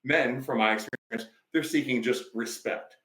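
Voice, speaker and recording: A man's voice: mid-range voice, normal speed, a bit bright, echoey room, rough recording. A male life coach, a podcast guest, telling stories emphatically in a preachy, conversational way.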